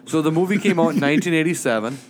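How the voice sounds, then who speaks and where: A man's voice: fairly high pitch, expressive, racing, soft background music. A man co-hosting a podcast, chiming in with dry questions and joking asides in casual chat. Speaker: podcast co-host.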